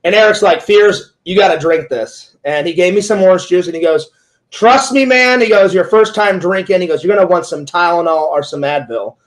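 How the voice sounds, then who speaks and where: A man in his forties with a high voice, spinning a rambling casual story in an interview. He keeps slipping into quoting what his friends said, stacking "he goes" on "he goes". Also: fairly quick, few pauses, poor audio. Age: 40s. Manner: rambling retelling full of "he goes" quotes. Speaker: interviewer and streamer.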